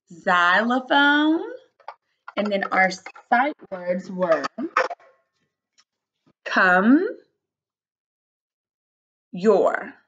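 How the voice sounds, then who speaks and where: A woman teacher giving a slow, patient early-grade phonics lesson, spelling out letters and sounding out words. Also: medium pitch, fairly bright tone, dull audio.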